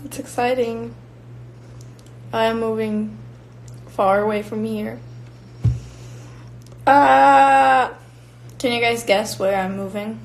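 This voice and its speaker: A woman's voice: fairly high pitch, flat delivery, a little slow, a little hiss or hum, low-quality recording. A young woman from Finland, casually chatting with fans on a live stream and answering their comments while she eats. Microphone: phone or built-in mic.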